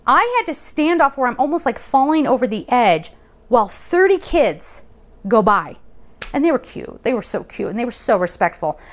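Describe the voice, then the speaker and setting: A young adult woman vlogging, telling a rambling personal story in a chatty, animated way and laughing now and then. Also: fairly high pitch, moderate pace. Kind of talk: casual storytelling. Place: Colorado Springs.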